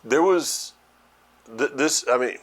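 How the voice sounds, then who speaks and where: A middle-aged man teaching a sermon to his ministry's followers, often halting and repeating words as he thinks aloud. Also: medium pitch, lively intonation.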